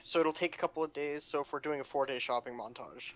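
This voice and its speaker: A man with a slightly raised pitch chats casually as a player in an online tabletop game. He asks short practical questions and jokes easily, with light hiss on the line. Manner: quick, practical questions, easy laughs.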